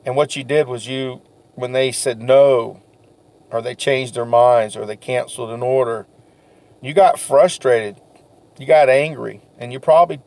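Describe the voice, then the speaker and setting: A man's voice: mid-range voice, unhurried, a little mellow, dry recording. An older man giving an earnest, confessional talk about sales and forgiveness, rambling a little and restarting his sentences. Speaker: sales vlogger. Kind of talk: casual motivational talk to camera.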